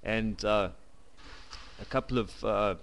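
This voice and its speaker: A South African man giving a blunt, opinionated to-camera monologue into a home camcorder, halting as he goes. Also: lowish voice, fairly even intonation, a bit bright. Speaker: vlogger.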